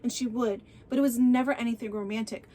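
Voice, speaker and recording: A woman's voice: a little high, steady tone, fast talker, mellow, a little hiss or hum, lightly acted. A woman reading the lines of a smug, scheming young man who plays the sweet romantic. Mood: falsely sweet. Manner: smooth, falsely sweet.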